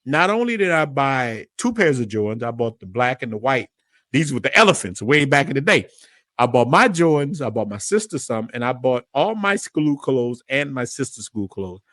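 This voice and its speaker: A man, a podcast guest telling a story in a casual, animated way, often repeating words as he goes. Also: mid-range voice, normal speed, dry recording. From New Orleans area, USA.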